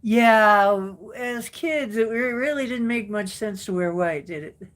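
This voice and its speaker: Laughing frequently, a woman takes her time responding to viewers' comments during a casual live stream. Her voice runs on the high side.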